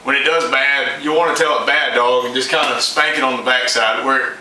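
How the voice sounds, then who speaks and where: A man's voice: medium pitch, steady tone, fairly quick, bright, forceful tone, roomy sound, recorded from a distance, a little hiss or hum, poor audio. A man giving a plain, informal how-to talk on training his dog, folksy and loose with fillers.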